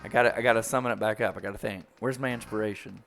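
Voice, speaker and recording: A man's voice: fairly low pitch, fairly even intonation, rapid-fire, vocal fry, hardly any pauses, a bit bright. Chatty man streaming a game. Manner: chatty, joking, reads game lines aloud in voices. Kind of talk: playthrough with voiced dialogue. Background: game music.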